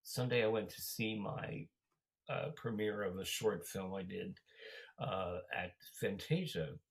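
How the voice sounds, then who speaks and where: A man hosting a casual conversation, speaking haltingly with many fillers. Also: on the low side, vocal fry, low-quality recording. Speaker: host. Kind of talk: casual chat.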